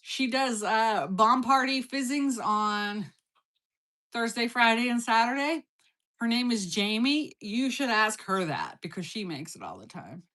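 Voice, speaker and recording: A woman with a fairly high, bright voice hosts a casual cooking livestream from her home kitchen. She answers her viewers' comments one after another, blunt and playfully teasing, and her pitch swings widely as she talks. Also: animated, a little slow. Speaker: livestream host.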